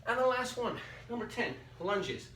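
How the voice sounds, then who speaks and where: A man's voice: high voice, sing-song, moderate pace, pushed and bright. A man teaching phys ed, demonstrating exercises and counting reps aloud while out of breath. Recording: roomy echo, distant mic, faint background noise.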